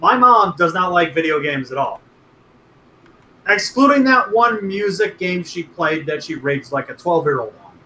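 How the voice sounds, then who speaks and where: Podcast co-host, man, high and bright, rambling and profane, roomy sound. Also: expressive, moderate pace, a little hiss or hum. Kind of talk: casual chat.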